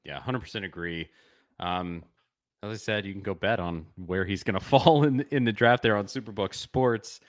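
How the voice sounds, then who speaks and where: Eager man chatting sports, low voice. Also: moderate pace, no echo, clean studio sound. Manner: enthusiastic, rambling with restarts. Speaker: podcast host. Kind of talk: casual sports chat.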